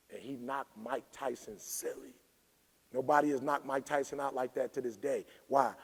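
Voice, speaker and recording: A man giving a fiery motivational keynote at a conference, preachy and emphatic, pushing toward shouted peaks. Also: mid-range voice, vocal fry, slightly rough. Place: large conference hall. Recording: reverberant conference hall.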